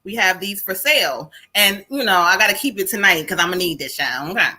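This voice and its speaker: Running a psychic medium live stream, this middle-aged woman is loud and informal, laughing and exclaiming often. She talks briskly and animatedly in a mid-range voice.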